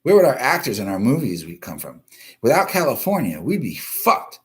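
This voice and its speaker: A man's voice: medium pitch, wildly swooping pitch, moderate pace. A man hosting a live-stream news show, ranting bluntly and profanely while greeting viewers from the comments. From East Coast of the US. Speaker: livestream news show host.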